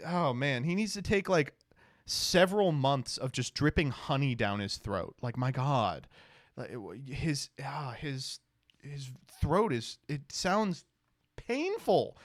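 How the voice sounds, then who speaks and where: A man's voice: mid-range voice, lively intonation, slow, no echo, clean studio sound. A man streaming casual reaction commentary, sarcastic and laughing often, with plenty of swearing. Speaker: streamer reacting to clips and tweets.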